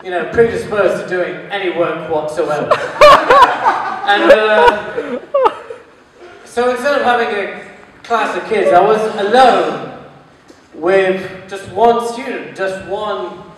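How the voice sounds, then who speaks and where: A man's voice: high-pitched, slow, pauses often, noisy background. A young man doing a crude, bawdy stand-up routine and chuckling at his own jokes, recorded live before an audience. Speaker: stand-up comedian. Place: comedy venue with audience. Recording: distant echoey hall with audience. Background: audience laughter.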